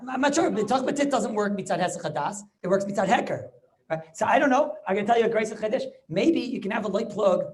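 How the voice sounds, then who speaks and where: Animated rabbi teaching over video call. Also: male voice, high voice, fast talker. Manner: animated, repeats words, rhetorical questions. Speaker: rabbi teaching a Talmud class. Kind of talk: lively Torah class over video call.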